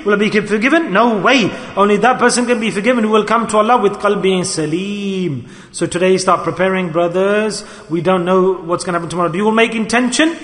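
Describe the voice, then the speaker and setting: A high, bright male voice delivers an earnest sermon, pressing his listeners with questions. The sound rings through a large hall with a long, echoing reverb. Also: a little fast, hardly any pauses. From United Kingdom. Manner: earnest, exhorting, questions the audience. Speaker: Sufi sheikh.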